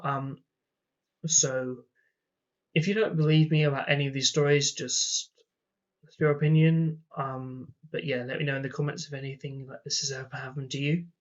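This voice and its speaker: Young guy, slightly high voice, ranting vlog storyteller, dull lo-fi recording. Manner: rambling and exasperated, many "like"s. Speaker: vlogger. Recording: dull lo-fi sound.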